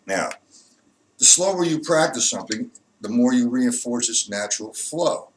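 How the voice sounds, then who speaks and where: A man's voice: medium pitch, expressive, normal speed, noisy background. A man giving a drum lesson, walking patiently through stick positions and repeating each one. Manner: patient, repetitive explanations. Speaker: drum teacher. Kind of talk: instructional demonstration.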